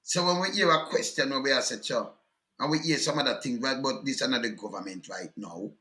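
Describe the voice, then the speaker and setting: A man's voice: medium pitch, fairly quick, bright, forceful tone, echoey room. A man with a Jamaican accent hosting a call-in talk show, easygoing and affirming. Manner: easygoing, affirming, patois-laced. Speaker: host.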